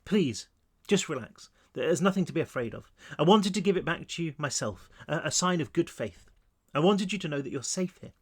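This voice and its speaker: Brief: gentle, reassuring female army doctor in her forties, read by a male author, lively pitch. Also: brisk, breathy edge. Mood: soothing. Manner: soothing, reassuring. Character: kind calm middle-aged woman army doctor.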